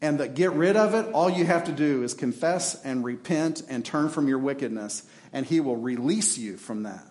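A man delivers an impassioned sermon as pastor in a reverberant church, performing both the prayers and God's answers. He speaks at a normal speed with few pauses, in a darkish, mid-range voice.

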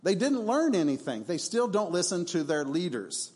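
A man's voice: sits high, big pitch swings, moderate pace, a little mellow, breathy edge. A male pastor preaching a sermon in a church, emphatic and conversational, with rhetorical questions.

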